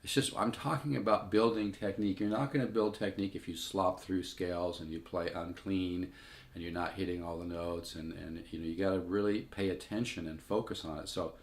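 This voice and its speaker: A man's voice: deep voice, fairly even intonation, brisk. An older man giving a casual guitar lesson, rambling and conversational, with asides between his own playing. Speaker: guitar teacher.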